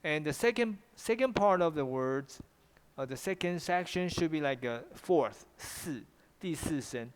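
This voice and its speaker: A man's voice: fairly high pitch, expressive, normal speed, clean tone, big-room sound. A man with a Taiwanese accent teaching English pronunciation in an online class, often repeating himself and switching into Mandarin.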